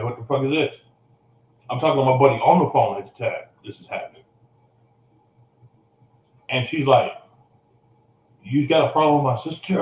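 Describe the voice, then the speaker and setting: A man's voice: medium pitch, reverberant, lo-fi sound. A man telling an emotional personal story, blunt and profane, coughing now and then.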